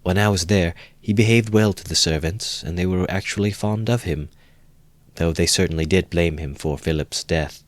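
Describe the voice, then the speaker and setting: A man reading aloud, voicing a stern, composed young woman who speaks in measured tones. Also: deep voice, no echo, lightly acted.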